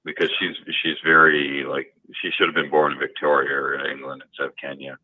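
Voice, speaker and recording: A man's voice: extremely low pitch, flat delivery, fairly quick, husky. A man calling in to a talk show, telling a personal story in a rambling way, full of fillers and restarts. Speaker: caller. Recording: tinny phone line.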